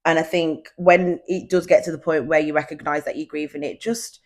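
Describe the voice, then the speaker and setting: A woman's voice: deep voice, steady tone, a little fast. A young woman hosting her own podcast at home, talking casually and confidingly straight to her listeners. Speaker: podcast host. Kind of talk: casual solo podcast chat. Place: at home, indoors.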